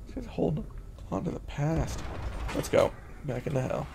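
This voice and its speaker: Male streamer, gravelly voice, lively swinging pitch, foul-mouthed joking, game commentary. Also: a little fast, noisy background. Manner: profane, excitable and joking, talks to game characters. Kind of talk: live gameplay commentary. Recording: game music underneath. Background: horror game music and sounds.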